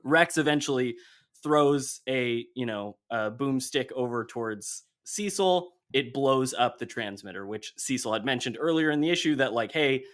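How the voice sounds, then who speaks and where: A man hosts a casual podcast, walking his co-hosts through a comic book storyline with lively energy. He slips into quick bits of dialogue for each character as he goes. His voice sits at an ordinary middle pitch. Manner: animated storytelling, acting out comic dialogue in passing. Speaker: podcast host.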